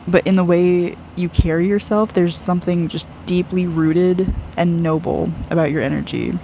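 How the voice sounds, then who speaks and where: Aura reader, personal spiritual reading, gushing, earnest, mid pitch, faint background noise. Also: poor audio. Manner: gushing and effusive, heavy use of "like"; soft, earnest and emotional. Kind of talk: personal spiritual reading addressed to one client.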